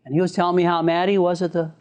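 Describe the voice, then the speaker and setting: A man, a therapist, lecturing an audience with an animated, chuckling storytelling manner and sound effects. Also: sits high, rapid-fire, smooth.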